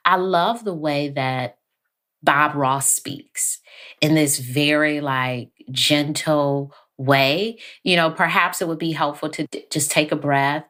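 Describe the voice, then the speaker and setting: A woman guest on a podcast interview, talking calmly and evenly, sometimes acting out quoted lines. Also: low-pitched. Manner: calm, measured, acts out quoted lines. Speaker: therapist guest.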